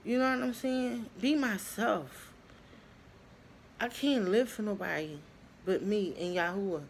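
Young woman, twenties, slow unhurried pace, casual vlog chat, fillers and pauses, animated storytelling. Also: medium pitch, gravelly, a little hiss or hum. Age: 20s. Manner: chatty, animated storytelling, addresses viewers as y'all; frequent fillers and trailing pauses. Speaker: vlogger. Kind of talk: casual talk to camera.

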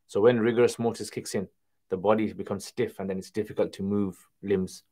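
Male host with a lower voice, reading out questions and answering off the cuff on a casual stream. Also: steady tone, brisk, mellow. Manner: reads viewer questions aloud then answers conversationally. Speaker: Islamic Q&A livestream host. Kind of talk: casual livestream Q&A.

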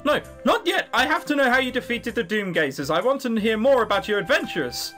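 A man voicing an excitable young female gem crafter in a game, a gushing fan who stammers over her words. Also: very high voice, a little fast, pitched above the performer's own voice, exaggerated voice. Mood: starstruck. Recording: faint background music.

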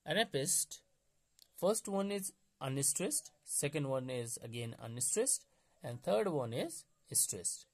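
A man's voice: a little high, lively intonation, takes it slowly, husky. A man giving an explanatory exam-prep lecture, going over key points methodically and repeating them.

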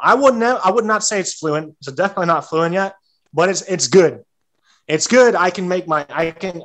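A man's voice: on the high side, pushed and bright. A young American man on a podcast, casually rambling with frequent restarts and "like" fillers. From United States. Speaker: guest, serving legionnaire.

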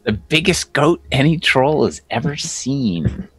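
A man's voice: medium pitch, very animated, measured pace, a bit bright, slightly rough, dry recording. A man playing a tabletop game, talking playfully and joking with the table. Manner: playful, jokey, mixing in character voice. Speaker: player. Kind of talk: casual tabletop play.

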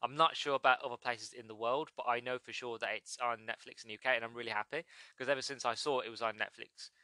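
A man's voice: mid-range voice, steady tone, fast, bright, forceful tone, no echo. A man from the UK hosting a solo podcast in casual chat, rambling and correcting himself as he goes. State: recovering from a cold. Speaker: podcast host.

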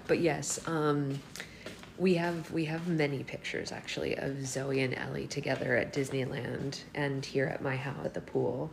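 Low-voiced chatty woman host. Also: little pitch movement, moderate pace, gravelly, a little hiss or hum. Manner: chatty, laughing, lots of "like" fillers. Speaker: book club host. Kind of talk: casual livestream chat. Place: her home. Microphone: phone livestream.

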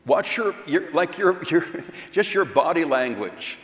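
A man giving a seminar talk at a church conference, speaking slowly and with self-deprecating humor. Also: a little high, lively intonation. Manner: slow, unhurried delivery; self-deprecating, chuckles between points. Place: large hall at a church conference. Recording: echoey hall with long reverb.

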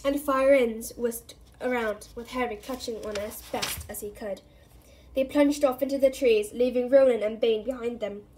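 A woman's voice: on the high side, normal speed, slight background noise. Woman reading a story aloud. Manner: steady storytelling, with a few slips. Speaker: reader.

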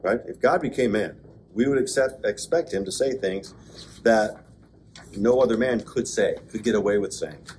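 A man, a pastor, giving a conversational Bible class lecture, with joking asides and bursts of excited emphasis. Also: fairly low pitch, moderate pace, slight background noise. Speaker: pastor teaching an adult class. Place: church classroom.

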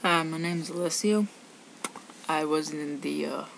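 A woman voicing a shy, reluctant young male persona who talks in a hesitant, low-key way. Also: steady tone, moderate pace, creaky, slight background noise, rough recording.

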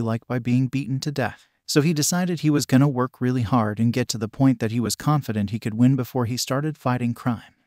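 A man's voice: mid-range voice, darkish tone, dry recording, studio quality. A man narrating a fan-fiction story aloud in a literal, plain reading manner.

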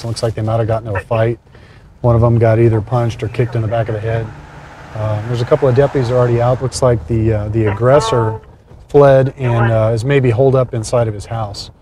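A male sheriff's detective speaks quickly outdoors on a residential street, calmly questioning a victim and briefing the call. His voice sits at a middle pitch. In tense moments he switches to loud, clipped commands. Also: a little hiss or hum. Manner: calm when questioning, shouting commands at the arrest. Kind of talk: police interview and commands.

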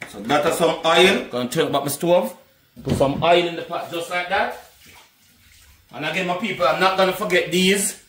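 Chatty and casual, a Jamaican-accented cooking vlogger shows his food to viewers and keeps calling them "my people." His voice is a little high and a bit bright at normal speed, with reverb and slight background noise.

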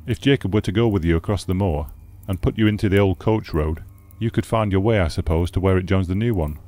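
A man voicing an eloquent, bitter aging scholar in an audiobook, with measured, declamatory delivery. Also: low-pitched, darkish tone, no room sound, faint music behind, close to an everyday voice. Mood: calm. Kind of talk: audiobook character reading.

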